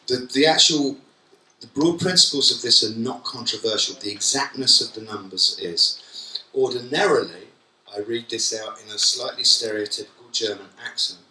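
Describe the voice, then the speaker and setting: A man giving a conference keynote talk, lively and joking, quizzing the audience directly. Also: mid-range voice. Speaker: keynote speaker. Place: conference hall at a college. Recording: echoey hall from far off.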